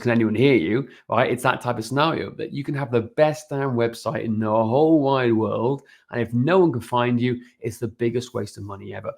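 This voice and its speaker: Gravelly man, energetic with tag questions. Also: medium pitch. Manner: energetic, keeps adding "right?" tag questions. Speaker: podcast guest, business owner. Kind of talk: casual podcast interview.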